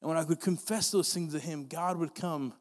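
A young male pastor delivering a sermon in a fairly high voice. He speaks earnestly, repeating phrases for emphasis and often restarting mid-sentence. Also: steady tone, fairly quick, darkish tone, long reverb tail. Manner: earnest, repetitive, many restarts.

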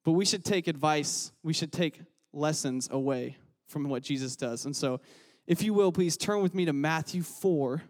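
A man's voice: on the high side, moderate pace, darkish tone. A young man giving a casual, story-filled sermon as a youth pastor. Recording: long hall reverb.

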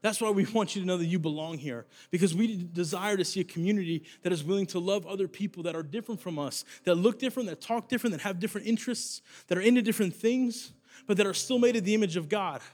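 A man's voice: high voice, quick pace, darkish tone, faint music behind. A young man preaching a sermon as youth pastor, telling a story earnestly with rising emphasis and repeated phrases.

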